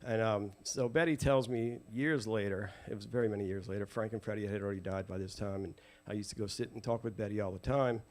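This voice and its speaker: A man, a guest telling family stories to a live audience in an animated way, acting out quoted voices. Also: lowish voice, fast, few pauses. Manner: lively, acts out quoted voices, laughs often.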